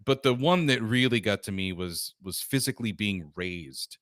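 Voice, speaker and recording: A man hosting a podcast interview, thoughtful and reflective, quick to laugh. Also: on the low side, lively intonation, a bit bright, dry recording, studio quality. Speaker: podcast host.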